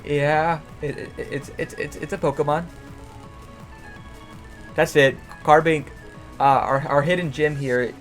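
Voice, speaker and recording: A young man with a fairly high voice rambles through a casual analysis of his picks. He stumbles, repeats words and cracks self-mocking asides, with music playing softly underneath. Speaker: YouTuber and league coach. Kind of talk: casual draft analysis commentary.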